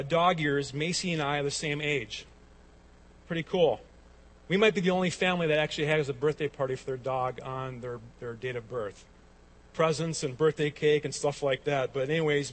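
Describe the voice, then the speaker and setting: A pastor preaches a sermon. His voice sits a little high for a man, and he tells stories with many restarts before rising to emphatic peaks. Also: fairly bright tone. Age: 40s.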